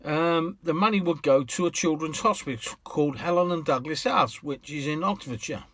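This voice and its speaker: Chatty British cab driver telling stories. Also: male voice, on the high side, moderate pace, a bit bright, dry recording. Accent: British English. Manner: chatty, rambling, with restarts and laughs. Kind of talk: casual anecdote storytelling.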